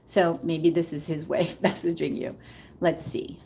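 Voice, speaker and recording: A woman's voice: low-pitched, flat delivery, normal speed, gravelly, noisy background. A woman giving a casual live tarot reading, chatting directly to viewers and calling them Queen. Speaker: tarot reader.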